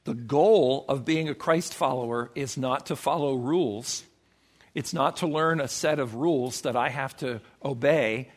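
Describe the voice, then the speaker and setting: A man preaching a sermon as pastor, emphatic, acting out quoted voices with sudden swings in pitch. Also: measured pace.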